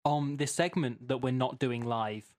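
A man's voice: medium pitch, steady tone, a little slow, a little mellow. A man co-hosting a comedy podcast, talking hesitantly with lots of fillers and mock seriousness. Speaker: podcast co-host.

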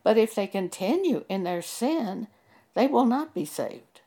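A woman preaching a sermon at an unhurried, drawn-out pace. Her delivery is deliberate and emphatic, stressing each word and stopping to cite chapter and verse. Her voice sits at a middle pitch for a woman. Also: sing-song, warm tone. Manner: slow, deliberate and emphatic, citing scripture verses.

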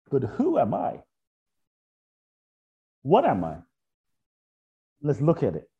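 A man talking as an interview guest in a reflective spiritual conversation. He asks repeated rhetorical questions and drops soft and slow on key points. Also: a little high, wildly swooping pitch, muffled recording.

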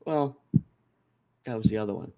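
A man, co-hosting a crude, rambling comedy podcast, swearing often and jumping from mumbles to shouts. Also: fairly low pitch, moderate pace, gravelly, a little hiss or hum. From New York. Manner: profane, rowdy, swings from mumbling to shouting. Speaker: podcast co-host.

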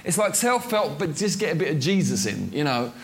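Pastor, man, high voice, loose chatty sermon delivery with ums and restarts. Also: very animated, brisk, gravelly. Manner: conversational preaching with frequent fillers and restarts.

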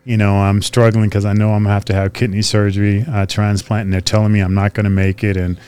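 A man's voice: lowish voice, fast, smooth. A man and retired officer in casual conversation, telling stories and acting out dialogue with laughs. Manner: animated storyteller who acts out dialogue with laughs. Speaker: retired officer and trainer reminiscing.

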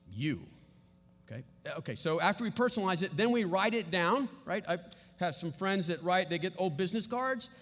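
A man with a high, clear speaking voice leads a church teaching session. He coaches his listeners step by step and keeps checking that they are following. His words ring out with the long reverb of a large hall. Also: fairly bright tone. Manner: coaching, checks in with frequent "okay?". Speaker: Bible teacher.

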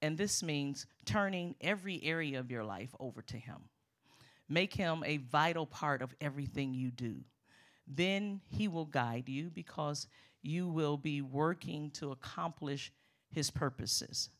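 A middle-aged woman preaching a sermon as a guest speaker, lively and emphatic, calling out to the congregation. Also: deep voice, a little slow.

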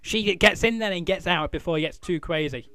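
A chatty, teasing male host who rambles and restarts his sentences. His voice is high and bright, with a forceful edge. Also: brisk, no echo. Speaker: podcast host. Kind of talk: casual interview chat.

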